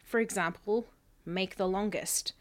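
A woman's voice: medium pitch, a little slow. A woman, co-hosting a podcast and telling childhood stories in a casual, chatty way. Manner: chatty storytelling, laughs often. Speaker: podcast co-host. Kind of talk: casual chat.

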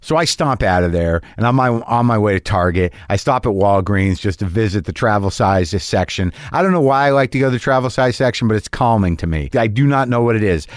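A man's voice: lowish voice, expressive, brisk, few pauses, no echo, clean studio sound. A middle-aged man telling a stand-up story, rambling and self-mocking, swearing freely and acting out his own asides. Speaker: comedian.

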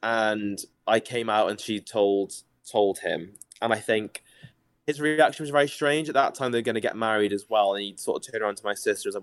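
A man's voice: on the low side, steady tone, a little fast, no echo. A man in his twenties with a Welsh accent, a podcast guest openly and chattily telling his personal story. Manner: open and chatty, with frequent fillers.

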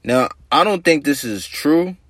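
A man's voice: fairly high pitch, lively intonation, measured pace, fairly bright tone, no echo. A man co-hosting a casual podcast, bringing up topics and asking questions. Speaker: podcast co-host. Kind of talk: casual banter.

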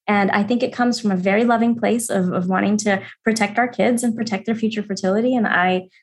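Calm woman doctor explaining clearly. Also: medium pitch, fairly quick. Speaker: adolescent medicine doctor, guest. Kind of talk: podcast interview.

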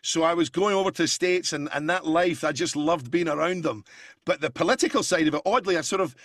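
A man's voice: fairly high pitch, fairly quick, fairly bright tone, no echo, clean studio sound. A Scottish man who is an impressionist, chatting casually in an interview and telling anecdotes. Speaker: impressionist guest.

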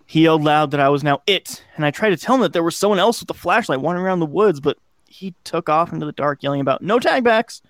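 A man's voice: a little high, quick pace, hardly any pauses, no room sound. A man hosting a podcast, casually narrating a scary childhood story and swearing now and then. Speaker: podcast host.

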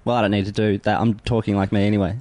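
A man's voice: on the low side, level tone, very fast, warm tone, dry recording. A man, a stand-up comedian guest on a podcast, laid-back and wry. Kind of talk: casual podcast chat.

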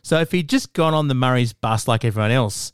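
A man hosting a podcast, joking quickly and laughing often in casual chat. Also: mid-range voice, expressive, clean tone, no echo, clean studio sound. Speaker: podcast host.

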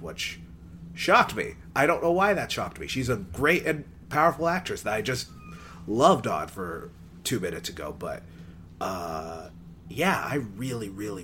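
Casual male co-host, very lively intonation, rambling and playful. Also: fairly low pitch, a little hiss or hum. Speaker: podcast co-host. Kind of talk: casual movie review chat.

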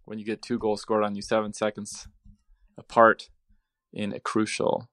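A man's voice: lowish voice, monotone, normal speed, fairly bright tone, no echo, studio quality. A man leaving a joking voicemail for a podcast, building a numbered list up to a punchline. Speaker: voicemail caller.

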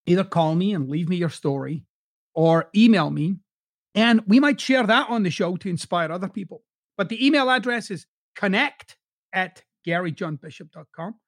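A Scottish man with a softened Glasgow accent talks straight to his podcast listeners in a blunt, coaching way, swearing as he goes. His voice sits high for a man with a gravelly fry. The sound is close and dry. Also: lively intonation, moderate pace, no room sound. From Scotland. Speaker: podcast host. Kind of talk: motivational podcast monologue.

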